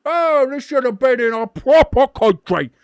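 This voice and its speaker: A man doing a mocking impression of a whiny male European soccer purist in a shrill, high voice. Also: expressive, normal speed, clear, resonant tone, dry recording. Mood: whining mockery.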